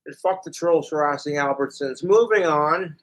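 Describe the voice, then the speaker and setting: A man's voice: a little high, normal speed, background noise. A man streaming a vulgar, boastful rant, sometimes talking with his mouth full. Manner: vulgar, boastful, mock-tough; talks while chewing. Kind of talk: crude ranting livestream monologue.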